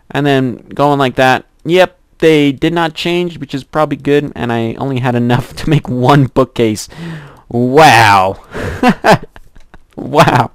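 A young man casually commenting on his own gameplay, chatty and giggly, rambling to himself and squealing high at cute animals. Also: dry recording.

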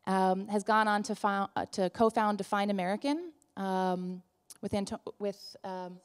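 A woman in her thirties with a New Jersey accent introduces a speaker at a live event, upbeat and chatty with frequent ums. Her voice is smooth and clear. It rings with the long reverb of a big hall. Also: medium pitch, unhurried. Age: 30s.

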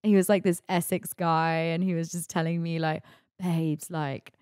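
A woman's voice: lowish voice, little pitch movement, fairly quick, darkish tone, clear, resonant tone, no room sound, clean studio sound. A woman, hosting a podcast in a candid, chatty monologue full of "like" and "you know". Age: 20s. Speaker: podcast host.

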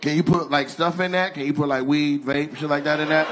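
A man doing live stand-up crowd work, loud, profane and teasing, laughing often. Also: fairly high pitch, fairly even intonation, fairly quick, hardly any pauses. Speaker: stand-up comedian. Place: comedy club stage. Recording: live comedy club with crowd noise.

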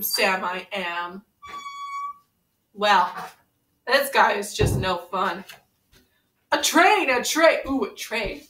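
A woman's voice: fairly high pitch, fairly bright tone. A woman playing a brash, pun-loving young woman brawler in a comedic fan parody, teasing and impatient, reading a picture book aloud in a sing-song voice. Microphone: camera mic set far away. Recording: roomy room, mic far away.

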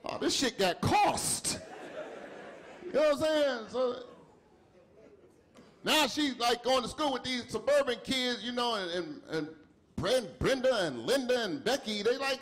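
Lively high-voiced stand-up comedian. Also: male voice, a little slow, pauses often. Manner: animated storytelling with acted-out dialogue. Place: comedy club stage with audience. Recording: live set with faint crowd. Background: audience laughter.

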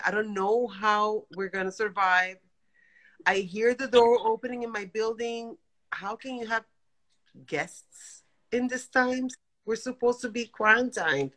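A woman in her fifties speaks over a phone video call from her apartment. Her voice sits a little high, and she talks in rapid, animated bursts full of exasperation. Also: low-quality recording. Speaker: guest caller. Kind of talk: emotional live-stream chat. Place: home apartment.

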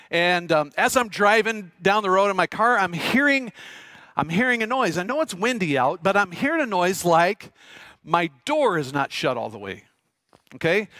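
A middle-aged man preaching a sermon, telling a lively personal story and asking the congregation questions. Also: sits high, no room sound. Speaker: pastor. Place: church sanctuary.

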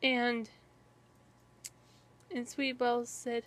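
Slow, rambling young woman storyteller. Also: high-pitched, steady tone. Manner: rambling, halting, many restarts and "and" fillers. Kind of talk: improvised fan-fiction story narration.

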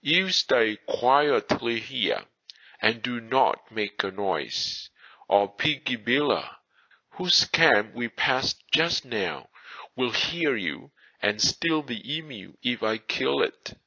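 A man voicing a cautious elder brother who warns his sibling in hushed, careful speech in a storybook audiobook. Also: medium pitch, animated, takes it slowly, creaky, no echo, full character voice, low-quality recording. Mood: cautioning.

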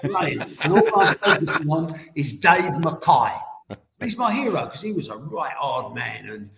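An older man in his seventies tells animated stories, his voice sitting a bit high and leaping up and down. Laughter keeps slipping into his telling. The room around him sounds roomy and echoey. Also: moderate pace, gravelly, noisy background. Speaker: guest. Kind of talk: anecdotal storytelling.

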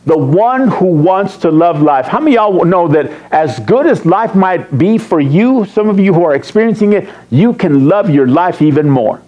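A man's voice: high-pitched, expressive, moderate pace, few pauses, dark tone, highs cut off. A man preaching a sermon as pastor, teasing and quizzing his congregation. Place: church sanctuary.

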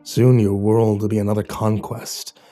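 A man voicing a menacing masked dark lord villain, delivering slow, growling taunts in a storytime reading. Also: lowish voice, flat delivery, no room sound, soft background music, voice pushed down, natural voice. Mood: taunting.

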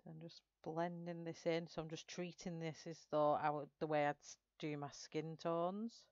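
A woman's voice: deep voice, little pitch movement, normal speed, darkish tone, no room sound, muffled recording. A woman hosting a live colouring stream, chatting and giggling as she greets viewers by name. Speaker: livestream host colouring live. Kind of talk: casual chat while colouring.

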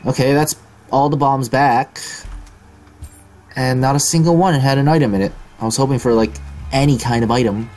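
In this let's-play, a young man comments on his own gaming in a mid-range voice at normal speed, over soft background music. He is profane and self-deprecating and gives excitable yelps whenever he's hit.

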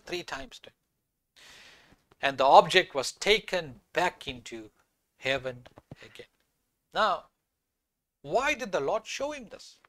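High-voiced emphatic male preacher. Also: very animated, slow, pauses often, fairly bright tone, no echo. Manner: emphatic, repeats key phrases, reads scripture aloud. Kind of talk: sermon.

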